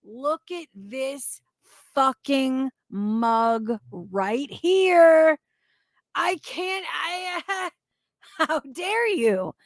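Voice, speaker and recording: A woman reacting to online clips, indignant and swearing heavily, breaking into shouts and laughter. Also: extremely high pitch, no echo, studio quality. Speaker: commentary YouTuber reacting to clips. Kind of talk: profane reaction commentary.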